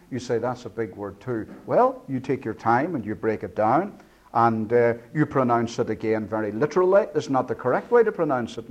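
Man preaching with lively, swooping pitch. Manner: dramatic swings between booming and hushed; breaks down words syllable by syllable. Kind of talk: expository sermon.

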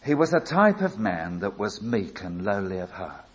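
An older man preaching a sermon, telling a story slowly and building to emphatic appeals. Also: lowish voice, very animated, muffled recording. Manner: slow, deliberate storytelling with rising emphatic appeals.

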